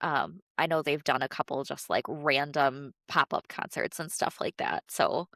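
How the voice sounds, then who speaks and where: A woman with a low, nasal voice, still stuffy from a cold. She chats casually as a podcast co-host, leaning on fillers. The sound is dry and close, with no room around it. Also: normal speed, gravelly, a bit bright, no echo. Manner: chatty, many fillers, laughs often. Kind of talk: casual chat.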